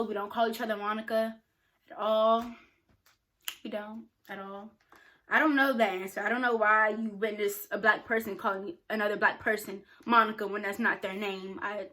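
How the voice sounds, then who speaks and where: A woman's voice: a little high, sharp tone. A young woman talking frankly and casually to camera, answering questions with plenty of filler words. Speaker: YouTuber.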